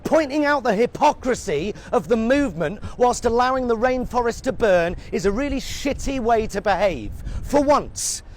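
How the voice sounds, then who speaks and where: A man's voice: extremely high pitch, animated, normal speed, hardly any pauses, slight background noise. Sweary, sarcastic British male reporter. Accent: British English. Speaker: satirical news reporter. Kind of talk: scripted satirical rant to camera. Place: outdoors at a street protest.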